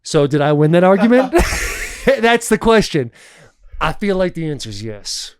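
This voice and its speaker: A man co-hosting a podcast, telling a story in an animated, profane way with frequent laughs. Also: a little high, measured pace, clear, resonant tone, no room sound. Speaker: podcast co-host. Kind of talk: casual storytelling chat.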